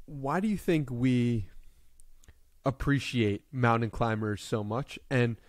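A man hosting a podcast, asking calm, brief questions in a casual tone. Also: medium pitch, slow, no room sound. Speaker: podcast host.

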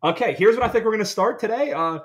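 A young man from Pittsburgh co-hosting a casual sports-betting podcast, talking in an excitable, hyped-up way. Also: high-pitched, fast. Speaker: podcast co-host.

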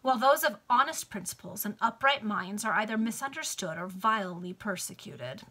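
A woman's voice: medium pitch, expressive, normal speed, bright, forceful tone. A woman reading the lines of a solemn, anxious noble countess in a book read aloud over a video call.

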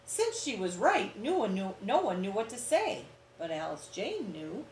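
Female storyteller for kids: lively melody, slow and unhurried, roomy echo, asks the little listeners questions. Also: medium pitch. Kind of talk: reading a picture book aloud to children. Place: church room. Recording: roomy echo, faint background hum.

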